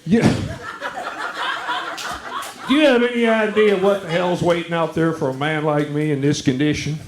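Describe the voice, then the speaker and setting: A man's voice: a little high, unhurried, background noise. A man doing a stand-up comedy routine, teasing the audience with a drawl. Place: comedy club stage. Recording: echoey club room. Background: audience laughter.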